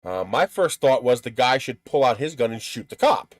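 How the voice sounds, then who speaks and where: A man's voice: medium pitch, animated, normal speed, no echo. A man hosting a live stream in casual chat, blunt and profane, who laughs at his own stories.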